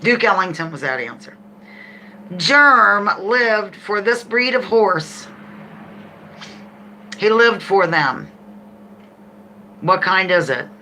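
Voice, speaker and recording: A middle-aged woman hosting a live trivia game, reading questions slowly and chatting and laughing with viewers. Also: mid-range voice, lively intonation, pushed and bright, slight background noise.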